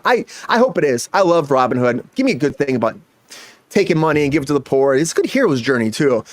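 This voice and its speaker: A male host runs a comedy news panel at a rapid clip, his pitch leaping around as he hypes up each story. The sound is dry and close, with no room around him. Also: no echo. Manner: energetic, hypes up breaking news. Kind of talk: comedy entertainment news chat.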